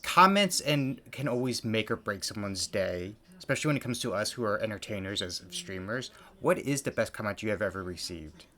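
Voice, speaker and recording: A man's voice: on the low side, expressive, brisk, few pauses, sharp tone. A man hosting a casual interview, asking questions in a chatty way and laughing along with his guest. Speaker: podcast host.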